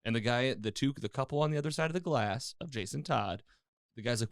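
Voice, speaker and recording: Podcast guy retelling an episode all animated, doing the characters' voices, dry close sound. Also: medium pitch, fast talker, no room sound. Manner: recaps plot animatedly, acting out characters' lines. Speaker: podcast host. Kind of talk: casual chat.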